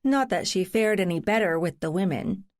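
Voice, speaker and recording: A woman's voice: medium pitch, expressive, normal speed, no echo. Woman narrating a novel, dry close voice. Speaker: audiobook narrator. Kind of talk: scripted narration.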